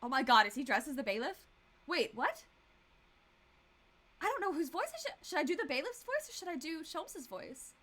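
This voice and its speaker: A young adult woman streaming a game, excitable and prone to swearing and exclamations. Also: sits high, normal speed, pauses often. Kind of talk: game let's-play commentary. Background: background music.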